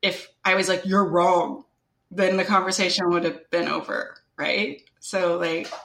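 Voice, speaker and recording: A woman's voice: lowish voice, steady tone, moderate pace, creaky, fairly bright tone, echoey room. A young woman with a strong Canadian accent, talking casually and upbeat in an interview, peppering her speech with "like" and "right?". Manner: chatty, upbeat, full of "like" and "right?". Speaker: guest.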